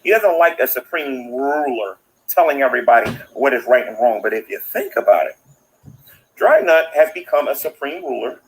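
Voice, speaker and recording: A man's voice: mid-range voice, animated, normal speed, poor audio. A man outdoors ranting into his phone in a livestream, preachy and indignant, repeating himself for emphasis. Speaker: online commentator.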